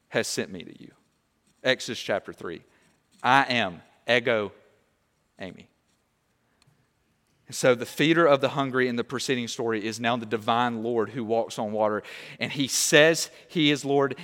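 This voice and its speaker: A young man preaching a sermon, animated and conversational, often checking in with "okay?". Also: medium pitch, normal speed, big-room sound. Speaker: pastor.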